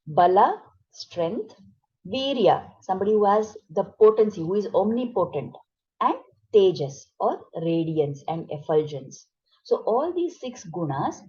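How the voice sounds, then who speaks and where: A woman's voice: mid-range voice, darkish tone, slightly rough, lo-fi sound. A woman giving an explanatory spiritual lesson, often checking in with rhetorical questions. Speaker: teacher of scripture.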